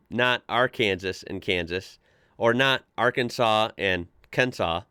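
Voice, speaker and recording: An American man hosting a casual reaction video, chatty and quick to laugh as he reads posts aloud. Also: mid-range voice, lively intonation, pushed and bright, clear, resonant tone, dry recording, clean studio sound. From United States. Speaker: reaction channel host.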